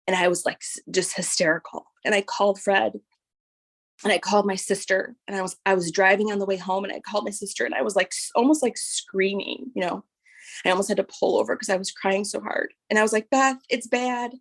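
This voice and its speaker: A woman telling a personal story as a guest, lively and full of "like" and "right?", acting out what others said. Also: medium pitch, a little fast, gravelly, husky. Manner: animated storytelling, acting out quoted voices; frequent fillers like "like" and "right?". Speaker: guest sharing her story. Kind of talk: personal testimony.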